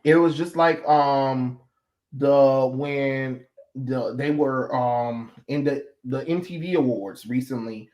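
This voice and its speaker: A man's voice: medium pitch, slow, darkish tone, highs cut off. A man hosting a livestream chat, ranting in a heated, blunt way with some profanity. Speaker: stream host. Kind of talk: casual chat.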